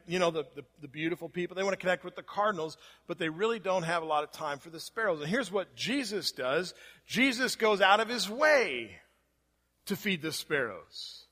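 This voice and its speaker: Male pastor, conversational sermon delivery, bright tone, recorded in a church with long echo. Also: high voice, animated, a little fast. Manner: conversational preaching with rhetorical questions. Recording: long hall reverb.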